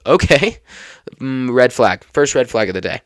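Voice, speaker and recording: A young adult man hosting a podcast, telling a personal story in a lively, casual way and laughing now and then. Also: medium pitch, moderate pace, no room sound, clean studio sound. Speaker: podcast host.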